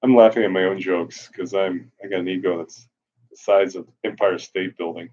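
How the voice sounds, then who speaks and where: A man's voice: deep voice, steady tone, moderate pace, darkish tone. A man in his forties blogging live, chatting and reading his own posts aloud in a wry, self-mocking, off-the-cuff way. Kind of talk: rambling casual live-stream chat. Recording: dull lo-fi stream audio.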